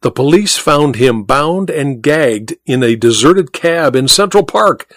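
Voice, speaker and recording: A man reading aloud, voicing an excitable dapper gentleman who talks in an agitated, urgent way. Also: a little high, measured pace, no echo, studio quality. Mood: insistent.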